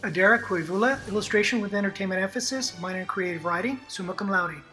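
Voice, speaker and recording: A man's voice: high-pitched, fast talker, bright, forceful tone, faint music behind. A man on the illustration faculty giving a formal, recorded commencement address and reading out the graduates' names and honors.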